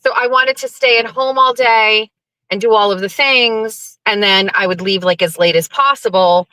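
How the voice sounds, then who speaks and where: A woman's voice: medium pitch, normal speed, bright, forceful tone, no room sound, low-quality recording. A middle-aged woman hosting a casual livestream from her car, chatty, greeting viewers over and over with rambling asides. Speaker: livestream host. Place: car, driving.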